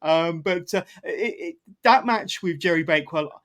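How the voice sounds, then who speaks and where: A man's voice: fairly high pitch, moderate pace, a bit bright. Rambling man hosting a podcast. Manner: rambling, filler-heavy, enthusiastic. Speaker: podcast host. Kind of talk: casual interview chat.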